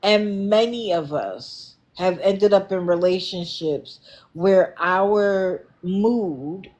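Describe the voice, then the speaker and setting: A middle-aged woman hosting a livestream, giving casual, sassy commentary and answering her chat in an animated way. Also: on the low side. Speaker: livestream host.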